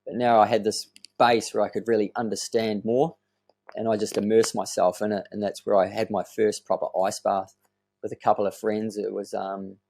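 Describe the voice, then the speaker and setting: A man, telling his story as a podcast guest in an earnest, animated way and swearing casually. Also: on the low side, gravelly. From New Zealand.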